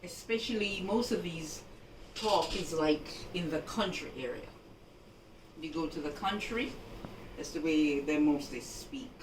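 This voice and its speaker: A woman talks slowly and patiently as she walks the viewer through a household task. She keeps checking that they are following along. Her voice comes from across an echoey room over steady background noise. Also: deep voice, recorded from a distance. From Jamaica. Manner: unhurried and instructive, often checking in with the viewer. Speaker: housekeeping vlogger. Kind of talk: home laundry-folding demonstration.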